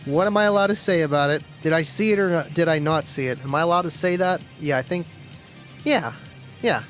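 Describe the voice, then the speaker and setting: Chatty high-voiced male stream host. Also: brisk, soft background music, low-quality recording. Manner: rambling, chatty, reads viewer comments aloud, clears throat often. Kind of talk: casual live-stream chat.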